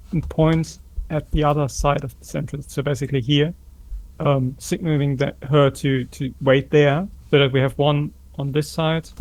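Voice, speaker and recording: Gravelly male player explaining plans. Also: a little high, darkish tone, rough recording. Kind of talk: casual tabletop play.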